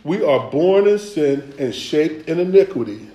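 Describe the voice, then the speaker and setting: Preacher, man, fairly high voice, casual and rhythmic, echoey sanctuary. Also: very animated, unhurried, warm tone. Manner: conversational, rhythmic, calls for responses. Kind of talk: sermon. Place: church sanctuary. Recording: echoey church hall.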